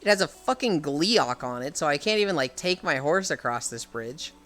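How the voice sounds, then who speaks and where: A male streamer who rambles through a story in a bright, lively voice that swings up and down a lot. He sounds exasperated and swears freely, with faint music playing behind him. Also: a little high, moderate pace. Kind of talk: casual chat on a live stream.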